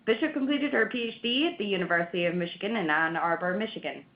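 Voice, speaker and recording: A woman's voice: medium pitch, lively intonation, fast talker, hardly any pauses. A woman hosting a webinar, reading the announcements and a speaker introduction. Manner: reads announcements and a speaker bio. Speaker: webinar host. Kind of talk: scripted introduction. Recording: roomy, dull lo-fi audio.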